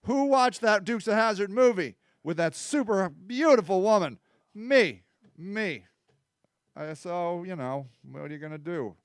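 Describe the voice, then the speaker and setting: A man's voice: high-pitched, lively intonation, measured pace, clean tone, no room sound, studio quality. A middle-aged man hosting a political talk show, chatting loosely, rambling and joking, answering viewers by name. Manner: rambling, joking, laughs often; talks back to viewer comments. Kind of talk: casual chat.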